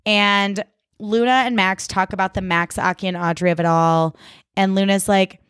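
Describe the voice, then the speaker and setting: A woman's voice: mid-range voice, steady tone, moderate pace, fairly bright tone, clean tone, dry recording, clean studio sound. A woman hosting a podcast, chatting casually through a TV recap with lots of "like" and wry asides. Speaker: podcast host.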